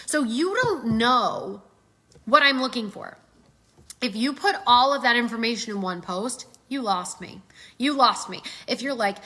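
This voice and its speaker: A middle-aged woman giving casual sales coaching, animated and acting out customer voices as she talks. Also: on the high side, moderate pace. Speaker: sales trainer.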